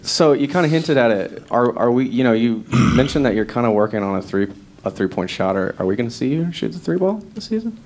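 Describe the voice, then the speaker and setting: Jokey male reporter, mid pitch. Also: big pitch swings, a little fast, darkish tone. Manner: loose and jokey. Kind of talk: press conference question.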